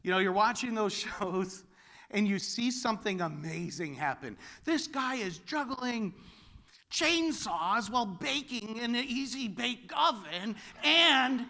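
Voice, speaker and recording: A man preaching a sermon as pastor, animated and building to loud exclamations. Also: high voice, unhurried, creaky.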